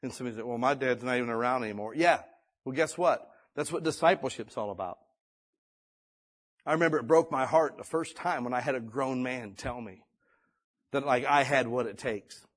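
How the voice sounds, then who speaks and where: A man's voice: mid-range voice, normal speed, long pauses, husky. A male pastor preaching a conversational sermon, reading scripture and building to emphatic exhortation.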